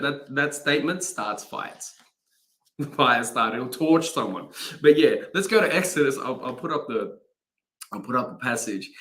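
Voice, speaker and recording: Chatty bright-voiced man. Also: medium pitch. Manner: chatty and rambling, many fillers and restarts, laughs often. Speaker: chaplain leading a daily devotion. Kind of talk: casual live-streamed devotional talk. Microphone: phone or laptop mic, no studio setup.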